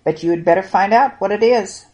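A woman narrates a Bible story for children with expressive, moralizing delivery. She turns often to speak directly to the listener. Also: medium pitch, a little fast, lo-fi sound.

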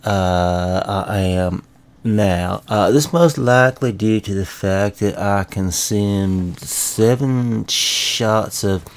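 A man putting on a boozy, blustering small-town sheriff from the American South for a comedy radio bit. The voice is low, with a pompous, slurry drawl that takes its time over every word, and a thick Southern accent. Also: takes it slowly, clear, resonant tone.

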